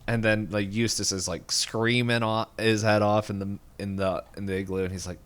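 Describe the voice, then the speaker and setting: A man with a fairly low, smooth voice recaps a cartoon episode for a podcast. He rambles casually and pops into short voiced lines from the characters as he goes. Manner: rambling, animated retelling with quick voiced quotes. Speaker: podcast co-host.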